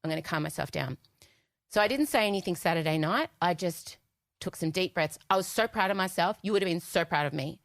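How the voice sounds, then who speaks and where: A woman's voice: fairly low pitch, fairly quick, dry recording, studio quality. A woman, hosting a podcast and telling a comic story in casual chat, acting out the voices in the dialogue she retells. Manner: animated, puts on voices in retold dialogue. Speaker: podcast host.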